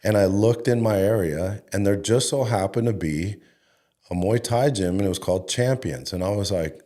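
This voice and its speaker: This Denver, Colorado man, a middle-aged head coach, has a mellow, lowish voice and a moderate pace. Chatting through an interview, he spins casual stories full of filler words and the occasional curse.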